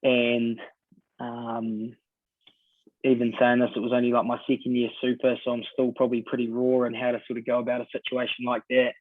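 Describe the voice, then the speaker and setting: A New Zealand man in his twenties, a podcast guest telling stories in a relaxed way, full of ums and sort-ofs. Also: medium pitch, fairly quick, dry recording. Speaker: guest rugby player. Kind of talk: casual podcast chat. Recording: dry, tinny phone-like sound.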